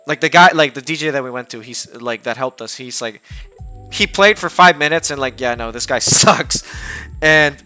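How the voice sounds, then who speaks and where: A man's voice: fairly high pitch, normal speed, clear, resonant tone. A man from the United States, a streamer telling a long casual story, rambling with lots of fillers and restarts. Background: soft background music.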